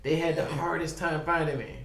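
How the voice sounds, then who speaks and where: A man's voice: on the high side, fairly even intonation, fairly quick, creaky, fairly bright tone, echoey room. Profane man telling a rambling story. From Baltimore. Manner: profane, rambling, with quoted dialogue. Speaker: guest. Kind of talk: casual storytelling. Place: podcast studio.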